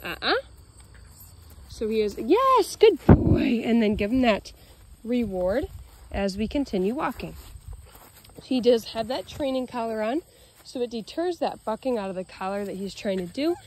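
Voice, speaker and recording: A woman dog trainer explaining leash walking while praising her dog in a bright, high voice outdoors. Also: animated, normal speed, a little hiss or hum. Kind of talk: narrating a leash-training demo.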